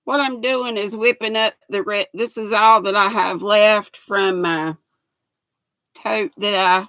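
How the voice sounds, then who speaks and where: A woman's voice: mid-range voice, steady tone, slow pace, sharp tone, dry recording, low-quality recording. An older woman with a Southern American accent, hosting a casual livestream and chatting folksily with her viewers, greeting each one by name. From Southern United States. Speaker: livestream host.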